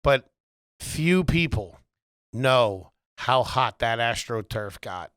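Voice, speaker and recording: A man co-hosting a podcast, teasing and deadpan in casual banter. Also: mid-range voice, slow, clear, resonant tone, no room sound. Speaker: podcast co-host. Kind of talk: casual chat.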